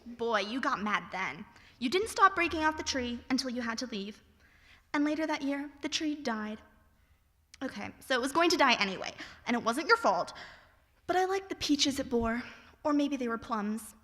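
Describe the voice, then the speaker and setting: A young woman with a fairly high voice reads her own poetry and a short story aloud before an audience. Between pieces she slips in wry, self-mocking remarks. Her voice carries a long reverb from a large hall. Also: expressive, normal speed, bright, forceful tone. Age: young adult. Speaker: student reader. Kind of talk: reading her own poems and stories aloud.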